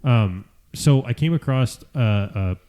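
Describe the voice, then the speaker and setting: A man's voice: mid-range voice, lively intonation, slow, warm tone. A man hosting a casual podcast over drinks, rambling with lots of "like" fillers and laughing easily. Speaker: podcast host.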